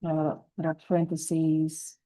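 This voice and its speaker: A woman giving a gentle, unhurried step-by-step painting lesson, talking through each brush stroke as she works. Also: low-pitched, completely flat delivery, low-quality recording. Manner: gentle, unhurried, thinking aloud while painting. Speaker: painting instructor.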